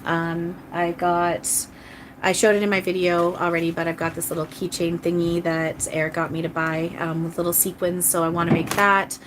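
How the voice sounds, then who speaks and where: A woman's voice: fairly low pitch, little pitch movement, normal speed, noisy background. A woman channeler chatting casually on a live stream, rambling and earnest, apologizing often to viewers. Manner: chatty, rambling, with frequent restarts. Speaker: channeler giving live readings.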